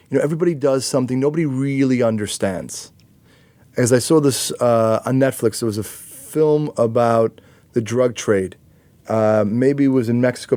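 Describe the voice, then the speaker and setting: A male podcast host with a mellow, dark-toned voice, speaking reflectively and circling back on his words. The sound is dry and close. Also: mid-range voice, no room sound. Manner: reflective, with frequent fillers and restarts. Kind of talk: conversational interview.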